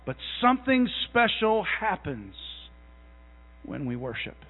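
His pitch swinging widely, a fairly high-voiced preacher in his thirties preaches conversationally, weaving self-deprecating jokes into folksy family stories, then builds to slow, loud, emphatic conviction. The sound is thin and phone-like, with a long hall echo behind it.

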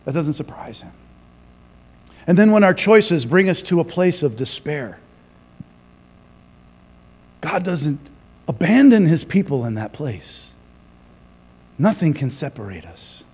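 Man, pastor delivering an animated sermon; a touch high-pitched, muffled recording. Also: slow, long pauses, husky. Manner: animated storytelling, acts out quotes. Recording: reverberant, dull lo-fi hall recording.

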